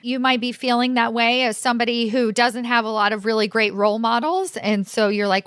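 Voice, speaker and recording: A woman in her forties telling a personal story to her audience, animated and expressive. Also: a little high, a little fast, hardly any pauses, clear, resonant tone, dry recording, studio quality. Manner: animated, expressive, laughs often. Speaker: career coach and host.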